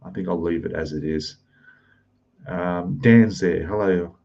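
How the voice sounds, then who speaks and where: Hushed so as not to be loud in his rented room, an Australian live streamer welcomes each viewer in the chat by name in turn. He talks unhurriedly in a low, creaky voice, over dull-sounding audio.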